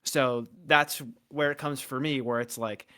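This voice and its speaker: A man's voice: mid-range voice, fairly even intonation, measured pace, bright, forceful tone, smooth. Talkative man in casual chat. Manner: talkative, filler-heavy with restarts. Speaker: esports caster.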